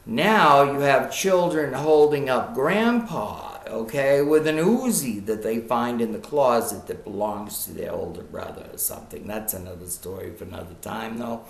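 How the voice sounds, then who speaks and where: Middle-aged boston guy rambling slowly to camera, echoey room. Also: medium pitch. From Key West, Florida and Boston area, US. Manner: chatty, digressive, with jumps in loudness. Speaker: vlogger. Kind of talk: casual monologue to camera.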